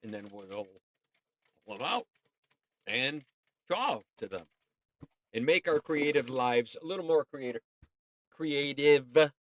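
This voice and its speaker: A man's voice: medium pitch, expressive, slow, pauses often. A man hosting a casual livestream, chatting in a rambling, playful way and often talking to himself. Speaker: livestream host.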